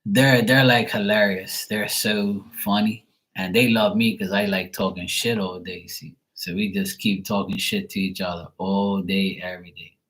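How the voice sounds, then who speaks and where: A man chatting casually to camera, rambling and swearing freely in a relaxed way. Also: fairly low pitch, normal speed, low-quality recording. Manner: rambling, profane, laid-back. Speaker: tarot reader, channel host.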